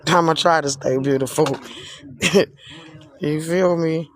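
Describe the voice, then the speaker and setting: A man's voice: fairly high pitch, fairly even intonation, slow pace, slight background noise. A man on a live stream, sarcastically repeating himself in an exasperated rant at someone who accused him.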